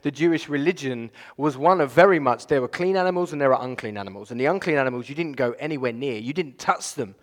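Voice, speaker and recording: Pastor preaching in a reverberant church. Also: male voice, medium pitch, fast, few pauses. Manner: conversational, animated preaching with filler phrases. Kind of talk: sermon. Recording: long reverb of a church hall.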